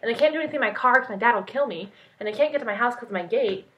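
A young woman vlogging, telling a story in an excited, rambling way full of "like". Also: on the high side, very fast. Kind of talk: casual storytelling vlog. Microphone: point-and-shoot camera mic. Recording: dull lo-fi camera audio.

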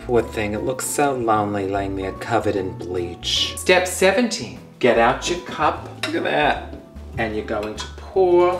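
A man's voice: medium pitch, fairly bright tone, echoey room. A man hosting a comedic tea-making demonstration in his home kitchen, campy and theatrical, with exasperated swearing asides. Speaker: comedy host.

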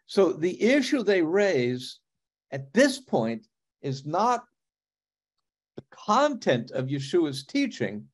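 A middle-aged man with a New York accent preaching a sermon in a conversational way, often pausing on fillers and asking his congregation questions. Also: on the high side. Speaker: pastor. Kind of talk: sermon teaching.

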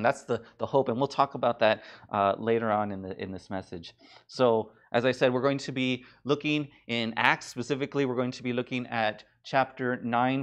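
A man preaching a sermon as pastor, in a conversational, animated way with many restarts and fillers. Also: mid-range voice. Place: church.

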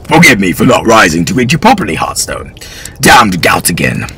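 A man's voice: deep voice, big pitch swings, normal speed, vocal fry, sharp tone, husky, exaggerated voice. A man voicing a fat, gouty old lord who is pompous, indulgent and sly, in a storybook reading.

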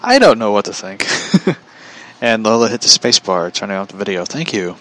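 Man, vlogger, casual rambling chat, frequent chuckles, lowish voice, bright sharp tone. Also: sing-song, moderate pace, slight background noise, low-quality recording.

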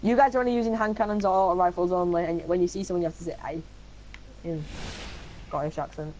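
A man's voice: sits high, fairly even intonation, racing, a little mellow, a little hiss or hum, low-quality recording. A man chatting casually during an online game, pushy and teasing, swearing at his friends. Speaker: gaming friend. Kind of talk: casual gaming chat with friends.

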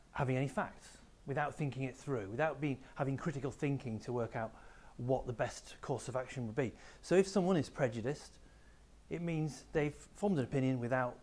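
A man's voice: medium pitch, a little mellow. Male teacher giving an assembly talk. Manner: explanatory, addresses pupils directly. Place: school room with a small live audience.

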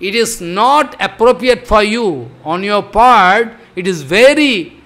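A man's voice: high voice, animated, takes it slowly, a bit bright. An older man giving a devotional discourse, chanting verses and explaining them with repeated emphatic phrases. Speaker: spiritual teacher.

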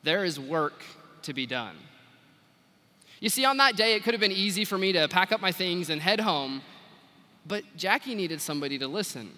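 A young man telling a story in a keynote speech, lively and animated, sometimes acting out the people in it. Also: high-pitched, moderate pace. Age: young adult. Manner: animated, quotes people in acted voices. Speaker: FFA national officer giving retiring address. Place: large convention arena. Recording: long arena reverb.

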